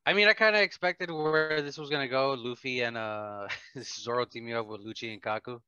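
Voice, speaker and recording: A man's voice: medium pitch, fairly quick, pushed and bright, clean tone, no echo, highs cut off. A man co-hosting a podcast in casual chat, easygoing and chuckling, often repeating himself. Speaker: podcast co-host.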